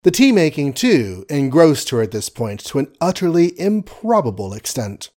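Male audiobook narrator; measured, wry reading of period prose. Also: fairly high pitch, sing-song, a little mellow. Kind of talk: scripted narration.

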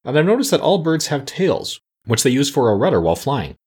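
A man's voice: medium pitch, very animated, a little fast, a little mellow, slightly rough, pitched above the performer's own voice. Thoughtful straw man, as a man voices him, light and raised, storybook. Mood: reasoning. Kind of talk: storybook reading.

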